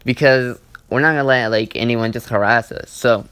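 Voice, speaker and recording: A man's voice: medium pitch, normal speed, a bit bright, smooth, no echo. Young man rambling, cursing, dry sound. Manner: rambling, profane, heavy use of "like" and "you know". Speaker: gaming channel host. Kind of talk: casual storytime over gameplay.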